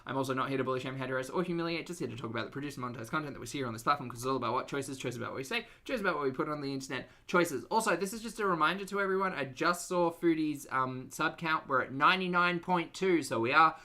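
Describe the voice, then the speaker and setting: An Australian man hosting a livestream, talking loudly in a chatty, self-mocking way as he greets viewers and comments on videos. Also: a little high, rapid-fire, few pauses. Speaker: reaction livestream host.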